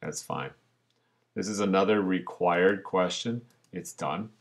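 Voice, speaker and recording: A low-voiced man teaches over a screen recording, narrating each click as he goes. He talks slowly and casually, the way a teacher explains a task to his class. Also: gravelly. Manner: relaxed, talks through each step as he clicks.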